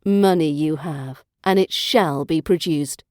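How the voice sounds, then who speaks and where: A woman with a British RP accent voicing a desperate young male tailor's apprentice, speaking forcefully and with menace in a storybook reading. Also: sits low, takes it slowly, dry recording, clean studio sound, voice pushed down. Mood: threatening. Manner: threatening, forceful.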